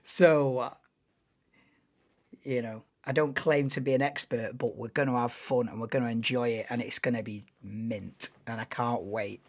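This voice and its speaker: Bloke rambling through a live race watch-along, talks to himself a lot. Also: male voice, medium pitch, steady tone, moderate pace. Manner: chatty, thinks aloud, muses to himself between calls. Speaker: live streamer commentating a race.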